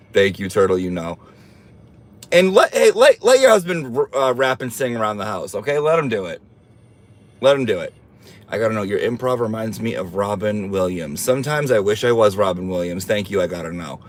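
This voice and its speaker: A man hosting a casual livestream, reading viewer comments aloud and teasing them in a sassy, campy way. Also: mid-range voice.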